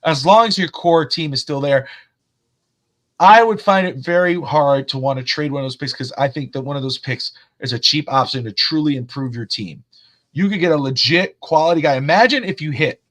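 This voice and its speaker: Animated, cursing man with a higher voice. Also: normal speed. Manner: animated, profane storyteller. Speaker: podcast co-host. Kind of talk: casual sports chat.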